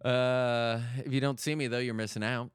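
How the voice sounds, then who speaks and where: A man's voice: mid-range voice, fairly even intonation, normal speed, smooth, no echo, clean studio sound. A middle-aged man hosting a solo podcast, rambling and joking as he keeps cutting himself off. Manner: rambling, self-interrupting, jokey. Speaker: podcast host.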